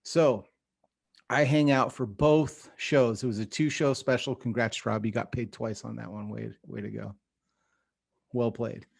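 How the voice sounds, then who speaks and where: A man's voice: medium pitch, steady tone, unhurried, creaky, dry recording, studio quality. A man hosting a podcast, telling a rambling story and laughing through his lines. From California. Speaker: podcast host. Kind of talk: casual podcast chat.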